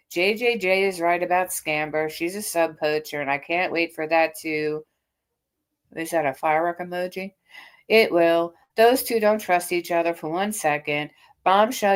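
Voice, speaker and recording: A woman's voice: lowish voice, clear, resonant tone. A woman in her fifties hosting a casual livestream, reading out a critic's posts and mocking them with sarcastic comebacks. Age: 50s. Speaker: livestream host. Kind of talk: casual reaction stream.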